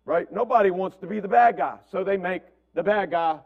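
A man's voice: high-pitched, brisk, creaky, narrow, tinny audio. A man preaching a conversational sermon as pastor, repeating words and checking in with "right?". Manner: asks "right?" constantly, repeats words, acts out family quotes.

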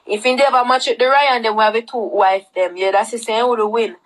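A woman's voice: a little high, steady tone, fairly quick. Jamaican woman rambling on a livestream. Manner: rambling, repetitive, Patois-mixed talk. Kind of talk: casual livestream chat.

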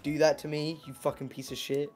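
British man, blunt, teasing, higher voice, faint music. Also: level tone, fairly quick, darkish tone. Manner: blunt, teasing, swears freely. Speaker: friend on voice chat. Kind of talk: casual chat.

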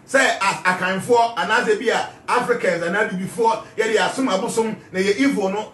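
A man's voice: sits high, moderate pace, hardly any pauses, fairly bright tone, reverberant, recorded from a distance, a little hiss or hum. A man with a Ghanaian accent giving an emphatic spiritual talk, repeating his key phrases. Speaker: spiritual teacher.

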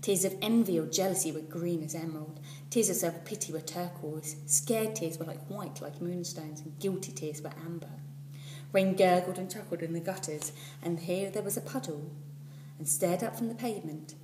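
A woman's voice: lowish voice, normal speed. Woman reading a storybook aloud, echoey. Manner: expressive, dropping to a whisper at times. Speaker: teacher. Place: school classroom. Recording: echoey room, far from the mic, faint hum.

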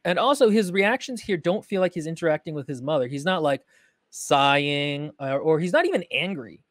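A woman's voice: low voice, animated, brisk, dry recording. Female podcast critic, frank and wry, dry close mic. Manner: frank, wry and analytical, with many fillers. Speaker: podcast host and writing critic. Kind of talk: casual critique chat.

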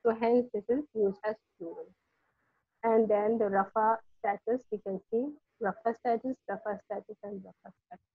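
A woman teaching an online Arabic grammar class, explaining patiently with many pauses. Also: fairly high pitch, no room sound. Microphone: video call. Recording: dull lo-fi online call audio.

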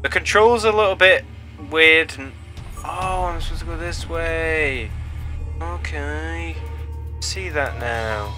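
A young man talks through a game as he plays it, yelping and pleading at the enemies on screen. His voice is bright and a little high. Faint game music plays underneath. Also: slow pace. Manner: excitable, yelps and pleads at the game. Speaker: gaming channel host. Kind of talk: let's play commentary.

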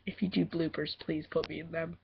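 A woman's voice: sits low, level tone, fairly quick, vocal fry, a little hiss or hum. A teenage girl rambling in a giggly, self-deprecating way as she introduces her voice audition, recorded on a muffled lo-fi home mic. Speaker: voice acting auditioner. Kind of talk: casual audition vlog.

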